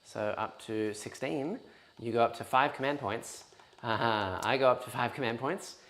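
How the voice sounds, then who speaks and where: A man's voice: mid-range voice, moderate pace, a bit bright. An easygoing man with an Australian accent, chatting casually while playing a tabletop wargame and reading out viewer comments. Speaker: wargame player. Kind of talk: casual tabletop game banter.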